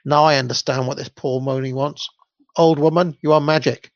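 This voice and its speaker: A kindly, fussing mother in a storybook, exclaiming in a flustered rush, as a man puts her on. Her voice carries a gravelly edge and sounds dull and dry, like a lo-fi recording. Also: mid-range voice, fairly even intonation, moderate pace, dry recording, close to an everyday voice.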